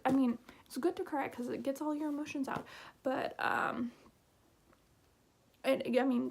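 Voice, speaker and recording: High, gravelly woman rambling. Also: darkish tone, slight background noise. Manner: rambling, emotional, many fillers and half-whispered asides. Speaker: book reviewer. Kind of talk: casual vlog book review.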